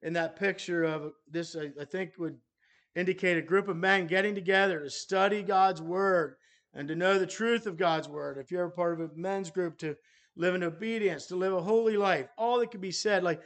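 A man preaching a sermon to a congregation in a measured, halting way, pausing and restarting his phrases. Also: sits high, a bit bright.

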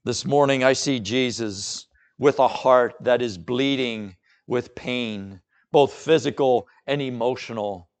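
A male pastor preaching a sermon dramatically, moving between hushed and emphatic delivery. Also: medium pitch.

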